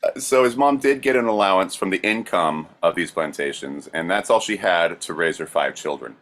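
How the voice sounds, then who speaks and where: A man co-hosting a podcast, casually recounting history with many pauses and fillers. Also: deep voice, animated, fairly bright tone. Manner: plain, with frequent fillers. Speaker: co-host.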